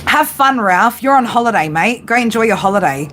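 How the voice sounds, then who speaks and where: A woman's voice: a little high, lively intonation, a little fast, a bit bright, slight background noise. A woman, ranting bluntly and swearing heavily as a tarot livestream host. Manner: blunt, heavy swearing, heated and defiant. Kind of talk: live-stream rant to viewers.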